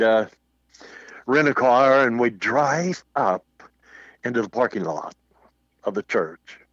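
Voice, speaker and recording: A man's voice: medium pitch, no room sound. An older man, a Baptist minister, telling a personal story in casual conversation and acting out the quotes. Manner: animated anecdote with acted-out quotes. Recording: muffled, dull audio.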